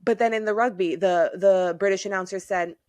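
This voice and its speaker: A woman's voice: medium pitch, brisk, darkish tone, dry recording. Chatty woman co-hosting a sports podcast. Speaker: podcast co-host. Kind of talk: casual sports chat.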